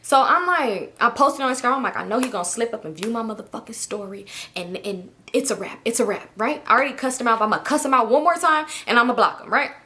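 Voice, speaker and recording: Young woman, bright voice, higher pitch, animated profane storytime. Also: fast, few pauses, slight background noise. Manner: animated, profane, acts out her own past texts and thoughts. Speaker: storytime vlogger. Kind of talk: casual storytelling to viewers.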